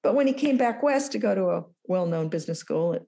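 A woman in her sixties speaks as an interview guest, her voice mellow and soft-edged. She tells anecdotes with animation and slips into acting out the dialogue. She keeps her pitch in an ordinary middle range. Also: fast talker, gravelly. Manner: animated storyteller, acts out dialogue. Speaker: guest, former business school lecturer. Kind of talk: storytelling in an interview.

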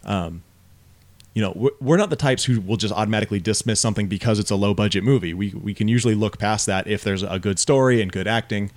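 A man's voice: fairly low pitch, fast talker. A man co-hosting a podcast, talking casually and bluntly about a film, with frequent swearing and rising disbelief. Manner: profane, blunt, animated when incredulous. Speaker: podcast co-host. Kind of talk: casual film review chat.

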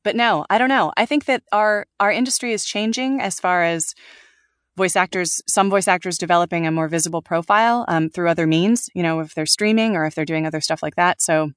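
Animated woman voice actor, dry sound. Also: fairly low pitch, fairly quick, no echo. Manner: animated, laughs often, trails off and restarts. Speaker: voice actor guest. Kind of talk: casual interview talk.

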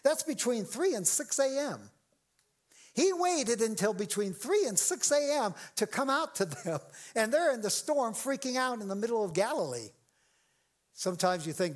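Animated high-voiced man preaching. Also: normal speed. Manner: animated preaching, acts out quoted voices, jokes with the congregation. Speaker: pastor. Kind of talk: sermon. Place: church sanctuary with congregation.

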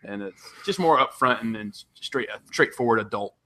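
A middle-aged man in a casual podcast chat, blunt and quick with a quip. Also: medium pitch, lively intonation, sharp tone, low-quality recording.

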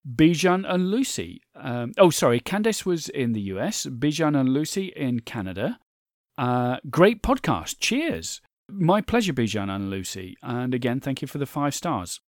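A man hosts his podcast alone, talking in an earnest, grateful way and wandering into chatty asides. His voice is lively and goes up and down a lot. The sound is dry and close, with no room around it. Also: mid-range voice, moderate pace, no room sound. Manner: earnest, thankful, reads listener reviews aloud; stumbles over names, chatty asides. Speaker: podcast host. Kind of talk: solo podcast monologue.

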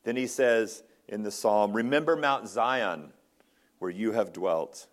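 A man's voice: lowish voice, slow. A man, a ruling elder, preaching an earnest expository sermon in a church, often restarting his phrases. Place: church sanctuary.

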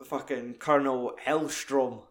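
A young Scottish man chatting casually about a film, swearing a lot and acting out lines in quick put-on voices. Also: medium pitch, steady tone.

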